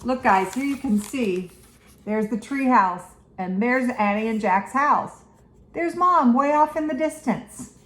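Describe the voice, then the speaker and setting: A woman teacher reading a children's chapter book aloud to her students in an expressive way. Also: a little high, unhurried. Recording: echoey room.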